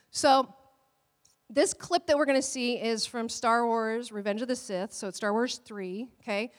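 Middle-aged lady pastor preaching, high voice, animated and laughing a lot, long echo like a church hall. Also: normal speed. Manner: animated, laughs often, acts out quotes in a high voice. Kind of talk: sermon.

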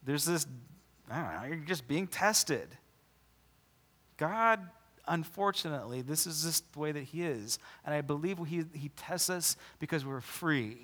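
A man preaching a sermon as pastor, mixing casual joking asides with slow, dramatic readings of scripture. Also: on the high side, animated, fairly bright tone.

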